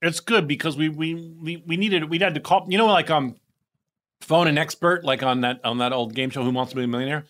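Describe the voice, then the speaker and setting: A man's voice: fairly high pitch, fairly quick, fairly bright tone. A man co-hosting a podcast, rambling and stumbling over words in a joking way. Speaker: podcast co-host. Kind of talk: casual podcast chat.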